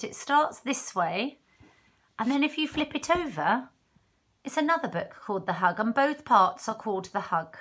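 A woman's voice: mid-range voice, husky. A woman teacher reading a picture book aloud at home, chatting and asking the children questions. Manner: warm, chatty asides with questions to listeners.

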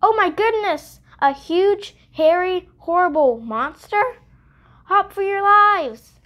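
A woman voicing a jumpy, panicky male rabbit in a read-aloud storybook, talking in an excited rush. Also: very high voice, extremely slow, voice pushed up, full character voice.

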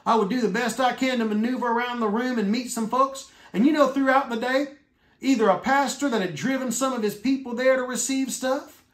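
A man with a very high voice preaches in an emphatic style. He slows right down to lean on key words. The sound carries a roomy echo. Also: fairly even intonation. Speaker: minister. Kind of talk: sermon.

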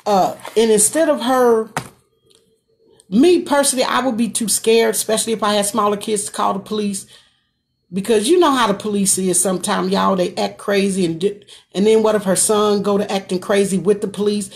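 A woman's voice: medium pitch, fairly even intonation, moderate pace, creaky. A woman hosting a casual live stream from her phone, reading out viewer comments and answering them in a folksy, chatty way. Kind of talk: casual chat.

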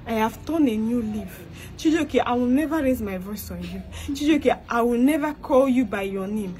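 A woman's voice: a little high, animated, normal speed, hardly any pauses, dark tone, a little hiss or hum. A young woman with a Nigerian Igbo-inflected accent, performing a comedic skit monologue. She begs and pleads, repeats herself, and slips between English and Igbo.

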